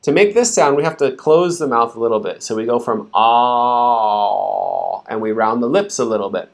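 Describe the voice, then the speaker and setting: A man's voice: mid-range voice, normal speed, creaky. A man teaching English pronunciation in a live stream, patiently breaking words into sounds and repeating them for learners to copy.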